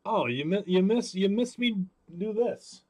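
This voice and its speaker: A man's voice: high-pitched, expressive, unhurried, darkish tone. A man hosting a live card break stream, chatting with viewers by name as he calls out each card pulled. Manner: chatty, greets viewers by name while calling out cards.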